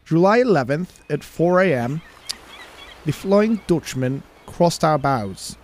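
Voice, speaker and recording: A man reading an old ship's log aloud in a put-on British accent, slowly and deliberately. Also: on the high side. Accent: attempted British.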